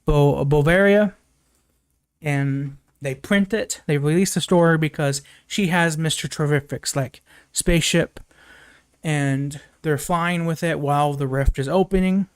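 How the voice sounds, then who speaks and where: A young man recaps a film in a loose, rambling live review, leaning on "like" and "um" and swearing freely. His voice sits a little high, and it sounds close and dry with no room sound. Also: unhurried, clear, resonant tone, no echo. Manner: rambling plot recap, lots of fillers and swearing. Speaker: movie reviewer. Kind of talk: casual live movie review.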